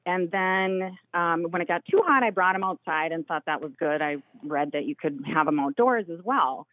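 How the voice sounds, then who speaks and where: Woman, Minnesotan accent, radio caller, lowish voice, tinny phone line, chatty. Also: normal speed, no echo. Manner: chatty, excited. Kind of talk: call-in radio conversation.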